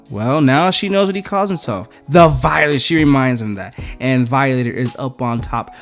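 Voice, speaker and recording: Animated man recapping a comic. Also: medium pitch, moderate pace, hardly any pauses, faint music behind. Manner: animated, chatty retelling. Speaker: comic book reviewer.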